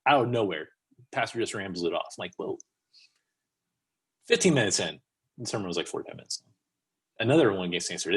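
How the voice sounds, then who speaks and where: A man speaking as a podcast guest, who tells his story casually and in an animated way, acting out what people said. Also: medium pitch, breathy edge. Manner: animated, acts out quotes.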